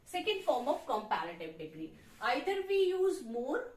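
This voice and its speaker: A woman English teacher with an Indian English accent, explaining grammar slowly at a board and repeating her examples. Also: sits high, big pitch swings, echoey room, background noise. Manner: explains slowly, repeats examples, frequent "you know" and "okay". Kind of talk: classroom grammar lesson. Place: classroom with a board.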